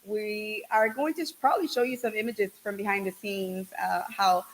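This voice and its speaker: A woman hosting a podcast in casual chat, bubbly and exclamatory, giving shout-outs to viewers. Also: medium pitch, steady tone, moderate pace, slight background noise, rough recording. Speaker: podcast host.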